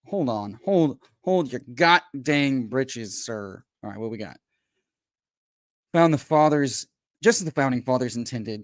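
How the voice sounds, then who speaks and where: A man hosting a casual livestream from home, hyped and folksy, who keeps calling people brother and bursts into loud pep talks. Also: mid-range voice, no echo, studio quality. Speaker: host.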